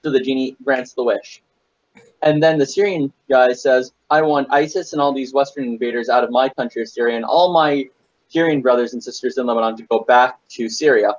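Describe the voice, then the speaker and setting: A man's voice: mid-range voice, fairly even intonation, lo-fi sound. A man telling jokes in a casual group chat, stumbling and restarting lines as he goes. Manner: halting, restarts, loose joke delivery. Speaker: podcast regular telling jokes.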